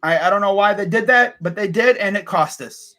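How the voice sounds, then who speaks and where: A man's voice: high voice, brisk. A young man vlogging as a sports fan, ranting casually and swearing a lot. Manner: animated, ranting, swears and says bruh a lot.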